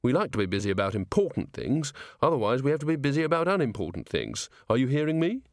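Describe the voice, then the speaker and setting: A man voicing a steady young female watch officer in an audiobook, level and matter-of-fact. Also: medium pitch, fast talker, no room sound, studio quality. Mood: firm. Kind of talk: audiobook character voice.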